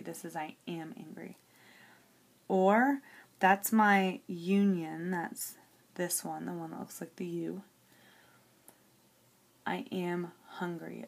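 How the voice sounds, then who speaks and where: Woman teacher going thru an example step by step, slow and lowish, keeps saying okay. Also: vocal fry. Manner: step-by-step explaining, checking in with "okay". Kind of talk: classroom lesson, working an example on paper.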